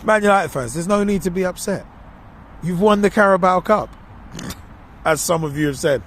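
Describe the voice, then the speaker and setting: A man on a podcast talks football in a casual, gleeful rant, mocking and animated. His voice sits a little high for a man. Faint traffic noise hums behind him. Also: moderate pace, pauses often. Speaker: podcast co-host. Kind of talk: casual football opinion monologue.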